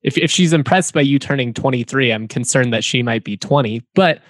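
A man's voice: medium pitch, a little fast, no echo, studio quality. A man co-hosting a sports podcast in casual chat, easygoing and teasing.

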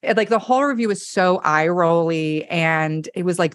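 A woman comedian with a lowish voice tells stories as a podcast guest. She is candid, animated and swears freely. The sound is dry and close. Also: normal speed, hardly any pauses, no room sound. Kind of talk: casual podcast storytelling.

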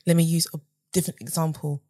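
A husky-voiced British woman on a podcast tells a lively story in a casual interview, acting out quotes with whispers and big jumps in pitch. She talks fast, and the recording has no room sound.

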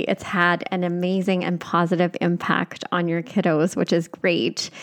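A woman hosting a podcast who answers her guest warmly and affirmingly. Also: mid-range voice, smooth. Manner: warm, affirming responses to a guest. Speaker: podcast host. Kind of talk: podcast interview.

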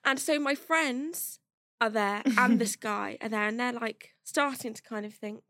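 High-voiced woman telling a funny story. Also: a little slow, dry recording, studio quality. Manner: animated, laughs through a comic anecdote. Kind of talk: casual storytelling chat. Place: podcast studio.

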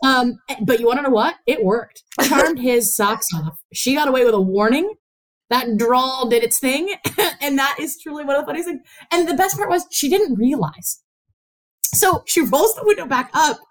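A woman with a Midwestern, slightly Chicago-flavored accent tells a story on a podcast. Her voice is high and a little nasal, and she laughs often as she goes. The delivery is lively and casual. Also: normal speed. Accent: US Midwestern, Chicago-tinged. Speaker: interviewer, host's sister.

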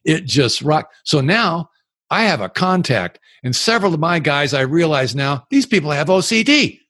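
A man's voice: fairly high pitch, sing-song, moderate pace, fairly bright tone, no room sound, clean studio sound. An older man speaking as a recovery speaker and sponsor, telling stories frankly and plainly during a live Q and A talk. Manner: frank, plain-spoken storytelling. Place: live event.

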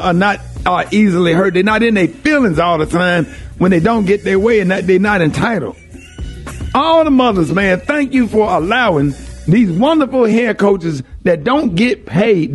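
An older man, hosting a morning radio show and delivering an impassioned monologue with a lot of emphatic repetition. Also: sits high. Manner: emphatic and preachy, repeats phrases for emphasis.

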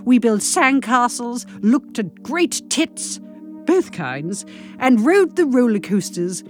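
A woman reading a comic monologue with dry, deadpan delivery. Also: fairly high pitch, slow pace, soft background music. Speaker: comic storyteller.

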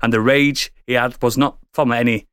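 A man co-hosting a comedy podcast, swearing and laughing as he pitches a story. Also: steady tone, normal speed, a bit bright, clean tone, no echo, studio quality.

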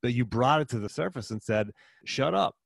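A man's voice: medium pitch, fast talker, dry recording, studio quality. A man hosting a podcast, encouraging his guest and speaking directly to listeners. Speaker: podcast host. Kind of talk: interview chat.

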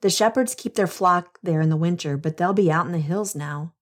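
A woman's voice: on the low side, fairly quick, close to an everyday voice. Woman doing an old ragged woman, helpful, plain-spoken, storybook reading. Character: older poor woman wrapped in a blanket.

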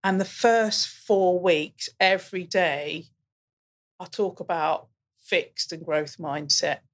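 Husky-voiced woman telling classroom stories. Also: on the low side, takes it slowly. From England. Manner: animated storytelling, acting out pupils' replies. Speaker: guest, college curriculum manager and teacher. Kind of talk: casual podcast conversation.

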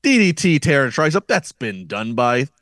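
A man's voice: mid-range voice, big pitch swings, moderate pace, fairly bright tone, no room sound, studio quality. A man co-hosting a podcast, talking about wrestling in a joking, mock-dramatic way. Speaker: podcast co-host. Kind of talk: casual wrestling talk.

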